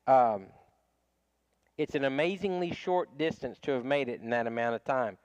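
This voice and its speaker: A man's voice: mid-range voice, normal speed, a little mellow, smooth, no echo, rough recording. A man teaching a casual Bible study class, talking conversationally with frequent restarts and small chuckles.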